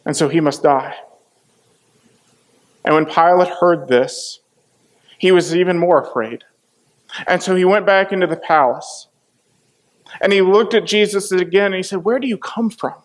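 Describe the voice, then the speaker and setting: Male preacher, dramatic sermon storyteller, high voice. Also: steady tone, unhurried, long pauses. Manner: dramatic storytelling, acting out quotes. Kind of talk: sermon retelling a Bible passage.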